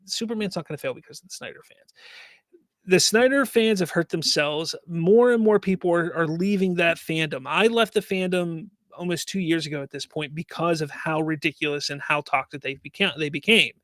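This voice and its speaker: A man hosts a live stream from a home setup and rants about fan news with exasperated, rhetorical questions. His voice sits high for a man. It is picked up close on a mic with a dry, dead sound. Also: moderate pace, a bit bright, dry recording. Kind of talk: live stream talk, reading chat comments.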